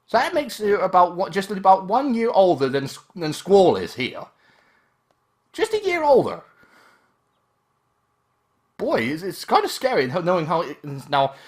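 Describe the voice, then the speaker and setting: A man giving casual let's-play commentary, rambling and joking with himself. His pitch is lively and bounces around as he talks. He often stops and rephrases mid-thought. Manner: joking, rambling, self-correcting.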